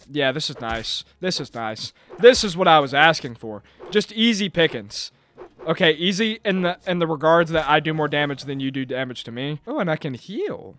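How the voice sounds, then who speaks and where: A man's voice: fairly high pitch, fairly bright tone, no room sound. A young man giving jokey let's-play commentary, rambling and breaking into panicked yelps. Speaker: gaming YouTuber.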